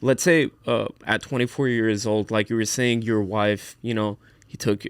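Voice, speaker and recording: A man hosting a podcast and asking relaxed, long questions in a casual interview. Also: fairly low pitch, moderate pace, clear, resonant tone, no echo. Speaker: podcast host.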